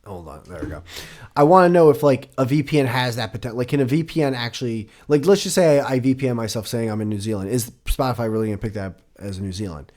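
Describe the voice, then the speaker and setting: A man's voice: mid-range voice, lively intonation, fast, darkish tone. A middle-aged man hosting a solo podcast, rambling casually with a lot of swearing and self-deprecating jokes. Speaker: podcast host.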